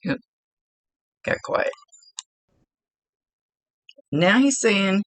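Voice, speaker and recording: A woman's voice: extremely low pitch, normal speed, gravelly, pauses often, no echo. A woman working as a psychic medium, chattily relaying spirit messages in a casual reading and laughing now and then.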